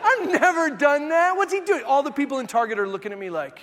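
A man in his thirties preaching a sermon, telling stories and acting out the voices in them, sometimes rising to shouts. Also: very high-pitched, expressive, fairly quick, hardly any pauses, in a large hall. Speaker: pastor.

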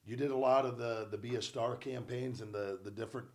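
A man's voice: mid-range voice, steady tone, a little mellow. A man in his thirties hosting a podcast, speaking earnestly and encouragingly in casual chat. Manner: earnest, encouraging, quick to agree. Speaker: podcast host.

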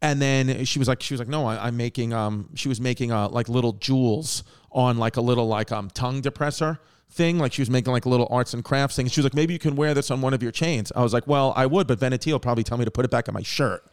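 Picture a man hosting a comedy-style podcast who rambles through a story with lots of "like" and "I was like". He acts out the quotes with a lot of swearing, at an ordinary middle pitch. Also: fast talker, clear, resonant tone. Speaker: podcast host. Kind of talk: casual storytelling.

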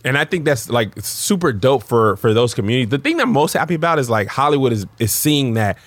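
An animated man chats as a podcast guest, and his voice swings up and down a lot. He jumps high for emphasis, and the sound is dry and close. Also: quick pace, dry recording. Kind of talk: casual chat.

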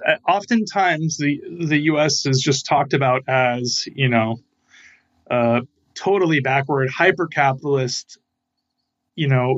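A man with a somewhat high voice answers as a guest scholar. He is careful and nuanced. His audio sounds dull and lo-fi. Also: a bit bright, dry recording. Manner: measured, careful, academic. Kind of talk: interview answers.

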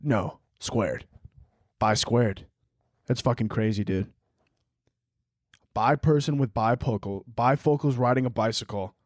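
A man's voice: medium pitch, unhurried, pauses often, dry recording. Young man, solo podcast host, rambling crude jokes, dry close sound. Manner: rambling, crude, jokey, lots of "like" and "dude".

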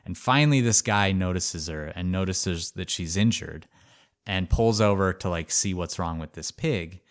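A man co-hosting a podcast, telling a story in a casual, animated way with lots of "like" fillers. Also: low-pitched, moderate pace. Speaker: podcast co-host.

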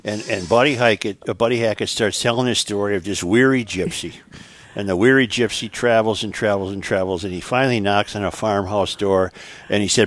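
A man's voice: fairly low pitch, fairly quick. An older man, a regular on a talk show, animatedly telling jokes and stories in casual chat. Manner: animated joke-teller, voices characters in stories.

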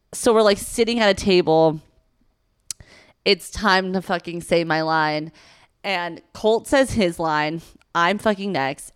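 A woman's voice: low-pitched, smooth, dry recording, studio quality. Profane, rambling young woman storyteller. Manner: rambling, profane, animated retelling with acted quotes. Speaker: podcast co-host. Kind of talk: casual storytelling chat.

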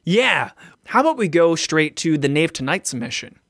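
A man co-hosts a podcast in a casual, teasing way. His voice sits high and moves around a lot. The sound is dry and close. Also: big pitch swings, normal speed, creaky, a bit bright, no echo. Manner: joking, teasing. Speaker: podcast co-host. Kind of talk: casual chat.

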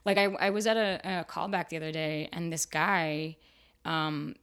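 A woman actor and writer talking frankly in a casual interview, full of "like" fillers, her voice jumping high whenever she quotes herself. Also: fairly even intonation, normal speed, fairly bright tone, clean tone. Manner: chatty and frank, fillers like "like", jumps high when quoting herself. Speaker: actor and writer, podcast guest.

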